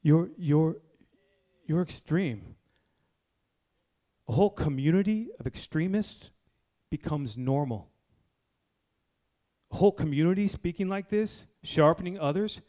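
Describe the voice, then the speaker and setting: A man in his forties preaching a blunt, fiery sermon to a men's group indoors, moving between low, quiet stretches and loud exhortation. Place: indoor room with a gathered group.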